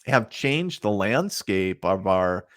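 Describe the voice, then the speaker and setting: A middle-aged man talks in a fairly low voice, telling loose, rambling stories full of fillers. He is a guest on a podcast. The sound is dry and close, with no room echo. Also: big pitch swings, slow pace, fairly bright tone. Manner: rambling, many fillers, laughs at his own stories. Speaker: guest, psychic medium. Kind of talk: casual storytelling in a podcast interview.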